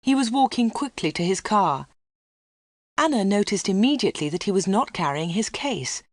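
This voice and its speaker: Female narrator for a learner's storybook, steady clear reading, dry. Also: mid-range voice, normal speed, no room sound.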